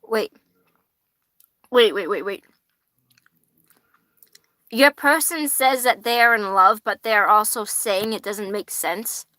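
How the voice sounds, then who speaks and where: Bright, chatty young woman reading tarot. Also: medium pitch, slow, pauses often, dry recording. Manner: chatty, rambling, swears casually, laughs often. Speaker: tarot reader and livestream host. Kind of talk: casual livestream tarot reading.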